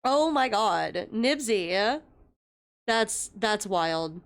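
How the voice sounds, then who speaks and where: A young woman livestreamer chats casually with her viewers, telling stories, swearing freely, and greeting viewers by name. Her medium-pitched voice has lively intonation, but she speaks extremely slowly.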